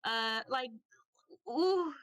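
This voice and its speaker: A woman narrating her part in a tabletop role-playing game in a casual way, giggly and swearing often. Her voice is bright and very lively in pitch. She speaks at an unhurried pace. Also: clear, resonant tone.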